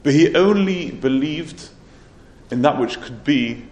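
A man's voice: fairly high pitch, expressive, takes it slowly, darkish tone. A man teaching a Torah lesson, retelling a Midrash in an earnest storytelling manner with occasional restarts. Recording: roomy echo, faint ambience.

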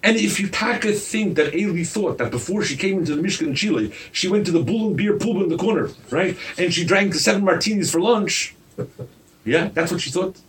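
A man preaching a sermon as a rabbi, animated and firing rhetorical questions at his listeners. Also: sits high, fairly quick, far from the mic, a little hiss or hum.

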